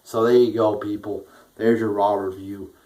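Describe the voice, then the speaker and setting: A man's voice: fairly low pitch, flat delivery, moderate pace, warm tone. A young man giving a casual, profane rant reviewing a wrestling show, often restarting his sentences and getting worked up. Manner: profane, frustrated ranting with frequent restarts.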